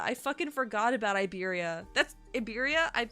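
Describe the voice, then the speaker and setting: A young woman streams a game, talking to her chat in a quick, excitable, unfiltered way and cursing often. Her voice sounds bright and forward, with faint game music playing beneath it. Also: a little high, no echo. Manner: excitable, chatty, swears freely. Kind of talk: casual live-stream commentary.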